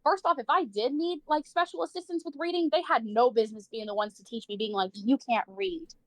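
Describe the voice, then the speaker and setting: A woman's voice: high-pitched, fast, dry recording. A woman livestreamer telling a personal story in casual chat, saying "like" a lot, swearing freely and acting out the people she quotes.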